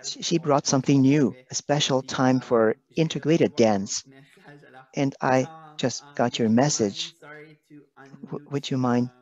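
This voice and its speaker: A man's voice: mid-range voice, a little mellow. Emotional man on a muffled video call. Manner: emotional, halting, apologetic. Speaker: guest presenter. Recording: dull lo-fi video call audio.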